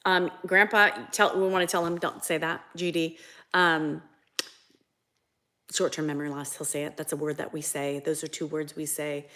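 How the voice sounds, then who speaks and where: A woman's voice: low voice, level tone, moderate pace, pushed and bright. A woman co-hosting a casual livestream, reading out viewer comments, laughing often and swearing freely. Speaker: livestream co-host.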